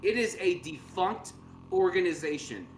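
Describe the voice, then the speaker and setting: A man's voice: high-pitched, lively intonation, measured pace, soft background music. A man co-hosting a sports podcast, ranting sarcastically in casual banter. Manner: sarcastic, mocking, does exaggerated voices. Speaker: podcast co-host. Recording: roomy with faint background noise.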